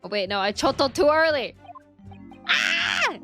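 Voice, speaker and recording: A woman streaming a game, chatting excitably with her viewers, her voice tired and worn. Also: high-pitched, measured pace, faint music behind. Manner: excitable, chatty with chat, self-mocking. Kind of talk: casual chat while gaming.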